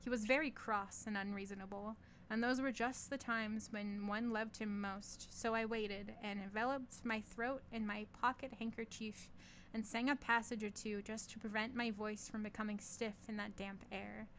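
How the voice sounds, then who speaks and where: A woman's voice: medium pitch, little pitch movement, normal speed, fairly bright tone, a little hiss or hum. A woman reading a short story aloud, stumbling over foreign words and laughing at herself now and then. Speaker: reader of stories.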